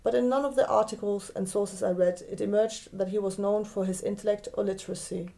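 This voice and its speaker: A young German-accented woman talks through a scripted explanation in a clear, careful way, slowing down whenever she spells out a word from her native language. Her voice is mellow and soft-edged, and her pitch sits in an ordinary middle range. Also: fairly even intonation. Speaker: podcast host.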